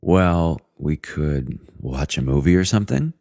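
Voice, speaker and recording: A man voicing an easygoing young male college friend, speaking in a casual, relaxed way, higher than his own voice. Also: a little slow, no room sound, clean studio sound. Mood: friendly.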